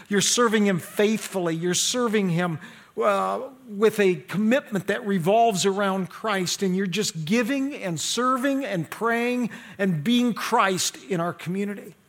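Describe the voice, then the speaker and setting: A man preaching a sermon as pastor, swinging between loud emphatic peaks and quiet, low stretches.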